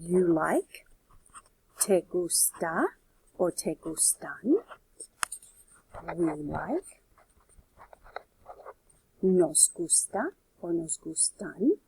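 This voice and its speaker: A woman's voice: on the low side, sing-song, drawn-out words, creaky, pauses often, dark tone, slight background noise. A woman teaching a Spanish grammar lesson on video, explaining step by step and checking in with "okay" and "right".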